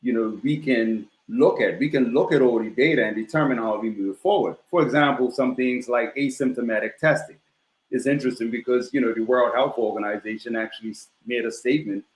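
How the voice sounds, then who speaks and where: A man speaking as a guest on a talk show, measured and steady, with frequent "you know" fillers. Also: medium pitch. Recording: roomy echo.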